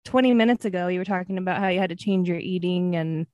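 A woman hosting a podcast in casual chat, giggly and quick to joke. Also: fairly low pitch, a little mellow, dry recording. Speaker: podcast host.

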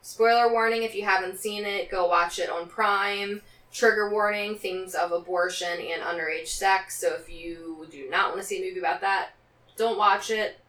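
A woman's voice: mid-range voice, steady tone, moderate pace, fairly bright tone. A woman co-hosting a casual film podcast, reading from notes between banter and laughing often. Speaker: podcast co-host. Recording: roomy, slightly distant mic.

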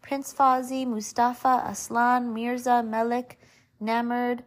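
A woman's voice: fairly high pitch, level tone, slow. A woman reading aloud and giving light voice to a jovial, chatty man with a long memory. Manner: jovial, rambling. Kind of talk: storybook read-aloud.

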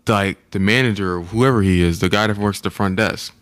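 A man's voice: fairly low pitch, fairly quick, fairly bright tone, clean tone, dry recording. A young man co-hosting a casual podcast, telling a travel story in a laid-back, rambling way with frequent laughs. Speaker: podcast co-host.

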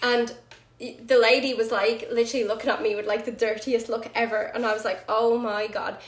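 A woman telling a story in a casual chat, animated, full of "like" and "right?", laughing often. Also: on the high side, fast talker. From Ireland. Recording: roomy echo.

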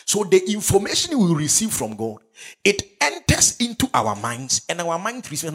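A male pastor preaches with fervour. His voice sits fairly high and swings widely up and down, with a husky grain. He keeps calling out to his listeners for answers. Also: huge pitch swings, normal speed, a bit bright. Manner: fervent preaching with call and response to the congregation. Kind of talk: sermon.

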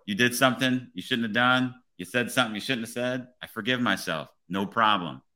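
A police officer hosting a podcast, talking in an earnest, motivational way and often checking in with "right?". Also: male voice, mid-range voice, brisk, bright, forceful tone. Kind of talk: casual podcast conversation.

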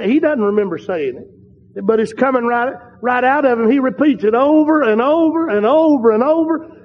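A man delivers a sermon at an extremely high pitch and normal speed, telling a story and building to fervent, emphatic peaks with repeated phrases. Long hall reverb and slight background noise surround his voice. The audio is dull and lo-fi.

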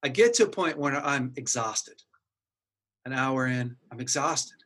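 Husky man telling an earnest story. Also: medium pitch, expressive, measured pace, a bit bright. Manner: earnest, emotional, acts out his inner dialogue. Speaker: guest sharing a personal story. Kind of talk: candid conversational storytelling.

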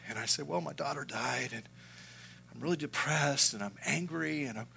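A middle-aged man preaching a sermon and telling a personal story, earnest and moving between loud and hushed. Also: medium pitch, moderate pace, creaky, a little hiss or hum. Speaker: pastor.

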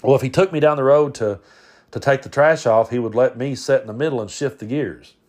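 In a mid-range, darkish voice, a man hosting a podcast tells casual stories about his family fairly quickly. He rambles and keeps restarting what he's saying.

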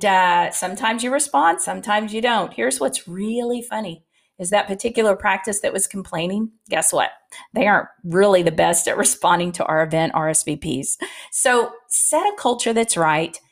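A woman's voice: medium pitch, gravelly. A middle-aged woman talking casually and candidly to practice teams, giving advice and telling stories with plenty of filler words.

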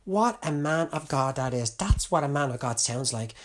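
A man's voice: fairly high pitch, animated, moderate pace, hardly any pauses. A middle-aged Irish man preaching a sermon, impassioned, his voice climbing fervently when he presses a point. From Ireland.

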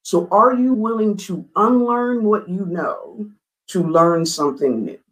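A woman as an interview guest, telling a candid personal story in an earnest, emphatic way, her voice rising high when she gets excited. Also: measured pace, poor audio.

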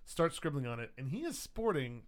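A man narrating a tabletop role-playing game as game master, relaxed and unhurried with many fillers. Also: fairly high pitch.

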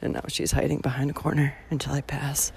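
A woman's voice: low-pitched, flat delivery, fast talker, gravelly, darkish tone, a little hiss or hum. A young woman ranting with profanity as she walks outdoors on a hiking trail, recording her own vlog. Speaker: podcast host hiking the Camino. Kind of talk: ranting walk-and-talk vlog.

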